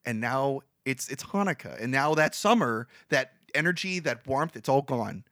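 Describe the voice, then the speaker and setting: A man co-hosting a podcast, casually retelling a movie plot in a rambling, animated way, full of fillers. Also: medium pitch, normal speed, dry recording, clean studio sound. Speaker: podcast co-host.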